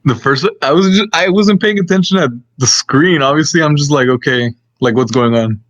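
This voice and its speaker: A man's voice: fairly high pitch, dry recording. Young man chatting on a lo-fi mic. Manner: halting, laughs often. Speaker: podcast co-host. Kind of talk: casual chat. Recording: dull lo-fi dry mic.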